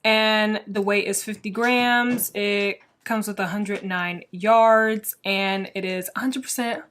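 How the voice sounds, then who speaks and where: Casual woman host, middle-pitched voice, rambly and excitable, says like a lot. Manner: chatty and rambling, full of "like" fillers; excitable, quick to get worked up. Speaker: crochet podcast host. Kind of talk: casual chat showing yarn to camera.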